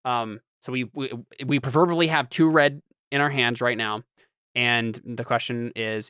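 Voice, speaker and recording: A man's voice: mid-range voice, expressive, normal speed, fairly bright tone, clear, resonant tone, no room sound, studio quality. Hesitant man explaining game rules. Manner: hesitant, many ums. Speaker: game master.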